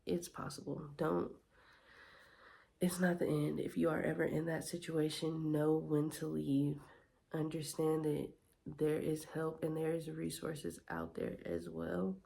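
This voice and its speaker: A woman's voice: deep voice, a little slow, creaky, mellow. A young woman vlogging casually to camera, giving candid, heartfelt advice to other moms. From Las Vegas, Nevada.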